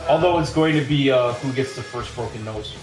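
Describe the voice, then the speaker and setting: A man from the US Midwest co-hosting a casual wrestling podcast, giggly and animated in his teasing. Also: medium pitch, fairly quick. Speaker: podcast co-host. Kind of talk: casual chat. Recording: echoey room, faint music.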